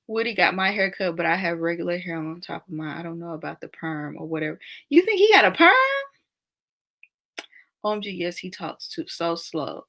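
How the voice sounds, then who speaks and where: Bright-voiced chatty woman host. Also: fairly low pitch, big pitch swings, normal speed, pauses often. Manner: chatty, laughs often, reacts to comments aloud. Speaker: live stream host. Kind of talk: casual live chat reading viewer comments.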